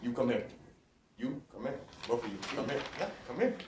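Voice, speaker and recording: A man's voice: medium pitch, a little fast. Male motivational speaker, fired-up call-and-response delivery, caught from afar in an echoey school hall. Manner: energetic call-and-response, hyping up the crowd. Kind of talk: motivational school assembly speech. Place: large school hall with a student audience. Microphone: recorded from a distance. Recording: echoey hall, distant mic, faint noise.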